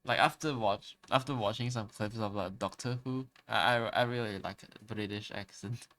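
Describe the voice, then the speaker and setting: A man's voice: lowish voice, moderate pace, a bit bright. Hesitant man chatting on a stream. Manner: hesitant, stammering, searching for words. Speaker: art streamer. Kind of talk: casual live-stream chat.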